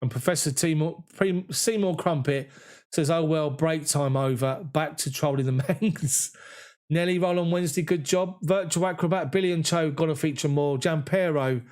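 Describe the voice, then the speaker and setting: After a match, the host of a football fan channel reads viewer comments aloud on a live stream, thanking each person in turn. His voice is slightly high and a little mellow, delivered at an ordinary pace.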